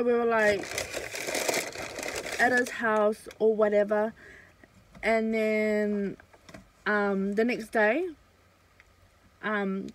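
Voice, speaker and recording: In a low-quality recording, a young woman with a medium-pitched voice chats her way through a casual storytime vlog. She eats as she talks, rambling loosely with lots of fillers and restarts.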